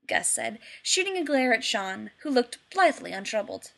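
A woman reading a story aloud in a lively, expressive narration. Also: a little high, normal speed. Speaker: reader.

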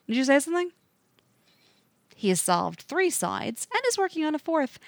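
A woman narrating a fiction story aloud with an expressive, varied delivery. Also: fairly high pitch, no echo.

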